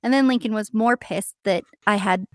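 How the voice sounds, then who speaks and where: A woman's voice: mid-range voice, moderate pace, no echo. A woman co-hosting a podcast, chatting casually and laughing often while she teases her co-host. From Colorado. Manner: laughing, teasing banter. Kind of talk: casual chat.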